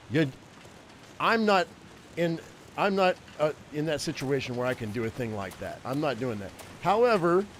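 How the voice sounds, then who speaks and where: A man in his fifties with a slightly high voice, a game streamer, tells a rambling personal story in casual chat. A little hiss or hum can be heard.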